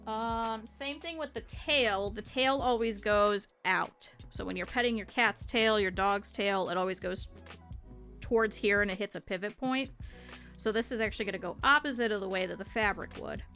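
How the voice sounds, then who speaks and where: Bright-voiced woman walking chat through sewing. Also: mid-range voice, normal speed, soft background music. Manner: chatty, explains as she works, talks to chat. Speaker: streamer teaching plush sewing. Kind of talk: casual step-by-step craft tutorial.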